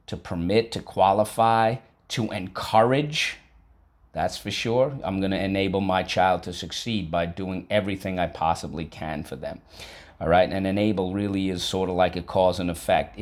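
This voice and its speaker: Slow, deliberate man teaching vocabulary. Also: lowish voice. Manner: conversational, with frequent fillers like "all right". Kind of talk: vocabulary and spelling lesson.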